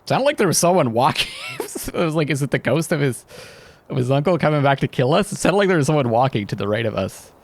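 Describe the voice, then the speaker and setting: A man's voice: a little high, expressive, quick pace. A man giving casual gameplay commentary, chatty and musing aloud as he plays. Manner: chatty, muses aloud, wonders about pronunciation. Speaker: let's play host.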